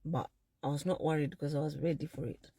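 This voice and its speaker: A woman's voice: low-pitched, fairly quick, slightly rough, no room sound. A woman telling a personal story to an audience, speaking directly to them and acting out the people in it. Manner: animated storyteller who acts out quoted people.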